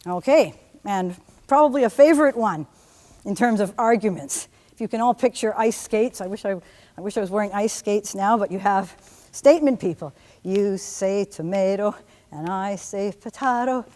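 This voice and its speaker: A woman teaching a music theory lecture to a class in a lively way, often humming or singing examples. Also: mid-range voice, moderate pace, long reverb tail. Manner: lively, hums and sings examples. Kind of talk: university lecture.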